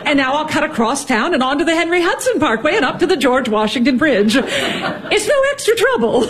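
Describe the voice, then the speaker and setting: A woman's voice: high-pitched, big pitch swings, brisk, a crowd in the background. An actress playing a chatty, breezy middle-aged mother visiting her daughter, talkative and gushing in a film.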